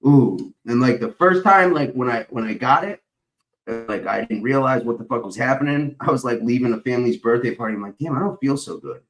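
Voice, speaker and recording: A man's voice: medium pitch, animated, a little fast, a bit bright, poor audio. A young man streaming live, chatting casually with viewers and telling long, profane, rambling stories. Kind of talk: casual chat.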